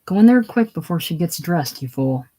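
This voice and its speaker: Brief: reader doing a blunt, wisecracking man in a play read-through, middle pitch, close to the reader's own voice. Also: lively intonation, moderate pace, dark tone, close to an everyday voice. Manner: blunt, teasing. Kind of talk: casual solo play reading.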